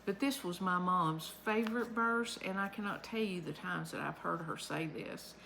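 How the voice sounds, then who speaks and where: Woman hosting a homespun devotional vlog, lower voice, casual chat pace. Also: gravelly, bright, forceful tone, slight background noise, rough recording. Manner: chatty, homespun, unhurried. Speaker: vlog host. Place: her home.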